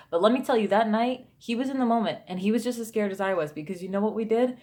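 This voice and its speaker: A woman's voice: medium pitch, fast, hardly any pauses, darkish tone. A woman in her thirties telling a true ghost story to camera in a chatty storytime vlog, with lots of fillers and asides. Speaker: YouTuber.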